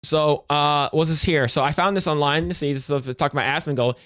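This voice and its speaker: A man's voice: on the high side, fairly quick, a bit bright. A man live-streaming in casual chat, crude and profane, rambling with restarts in a jokey instructional tone.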